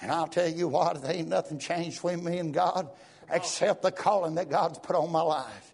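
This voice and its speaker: A man preaching a fervent sermon, talking in a rhythmic flow peppered with "uh" and "praise God" and rising to shouts at times. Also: a little high, normal speed, gravelly.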